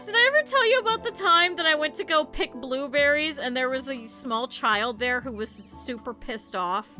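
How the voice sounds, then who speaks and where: Talking to her chat as she plays, a woman streamer rambles into stories in a casual game stream. Her voice is high and bright, with a forceful tone.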